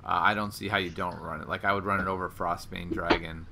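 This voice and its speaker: A man's voice: deep voice, little pitch movement, fast talker, gravelly, a crowd in the background. A man casting a live card game match, chatty and analytical, laughing often. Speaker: game commentator. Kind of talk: live esports commentary.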